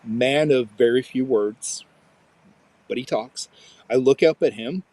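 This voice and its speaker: A man's voice: medium pitch, slow. A man in his thirties, co-hosting a podcast and telling a story in casual chat, acting out what people said. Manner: animated storyteller, acts out quotes. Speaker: podcast co-host.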